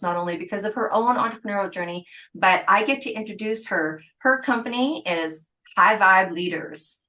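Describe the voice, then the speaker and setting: A woman in her fifties hosting a podcast, talking in a chatty, animated way and stretching some phrases out. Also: medium pitch, low-quality recording. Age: 50s. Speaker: podcast host. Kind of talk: casual interview chat.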